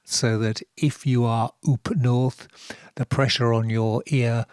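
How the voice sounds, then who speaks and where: A man with a Norfolk accent hosting a radio show, telling odd stories in a relaxed, wry way with many fillers. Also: mid-range voice, slow pace, clear, resonant tone, no room sound, clean studio sound. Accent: Norfolk English. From England. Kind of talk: relaxed radio talk with dry asides.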